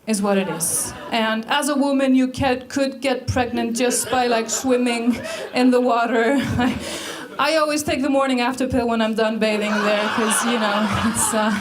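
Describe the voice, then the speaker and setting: Dry Icelandic woman doing stand-up. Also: fairly high pitch. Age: 30s. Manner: dry, self-mocking delivery. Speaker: stand-up comedian. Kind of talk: stand-up comedy set.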